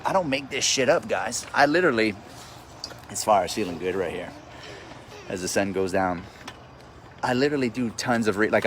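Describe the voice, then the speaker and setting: Low-pitched man, blunt profane livestream host, a touch of background hiss. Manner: blunt, profane, repeats himself while riled up. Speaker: real estate investor hosting a live stream. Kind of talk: casual livestream rant. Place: outdoors at sundown. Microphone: phone livestream.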